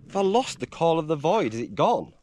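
An English man vlogging from a high mountain trail, rambling and emotional, breaking into laughter. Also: sing-song, fairly quick, darkish tone. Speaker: hiker vlogger. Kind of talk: casual vlog talk.

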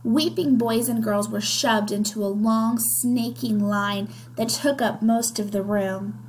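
A woman's voice: fairly high pitch, steady tone, a little slow, a little mellow, a little hiss or hum, rough recording. A woman reading a children's novel aloud, narrating expressively in the first person. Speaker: reader.

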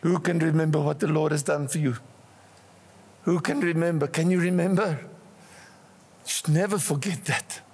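An older man with a South African accent preaching a passionate sermon, swinging between rising cries and hushed asides, in a church. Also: a little high, fairly even intonation, moderate pace, long pauses, breathy edge. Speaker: pastor. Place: church hall. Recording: church hall reverb.

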